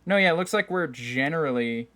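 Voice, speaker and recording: A man's voice: a little high, expressive, brisk, pushed and bright, slight background noise. A man streaming a game live, talking casually and joking at himself with frequent laughs, keyboard typing behind him. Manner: chatty, self-mocking, laughs often.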